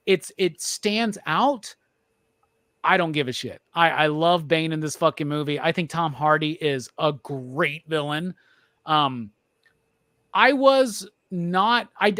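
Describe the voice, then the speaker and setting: A man hosting a podcast, talking excitedly and profanely in a rambling film review. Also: sits high, no echo. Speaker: podcast host. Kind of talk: casual film review chat.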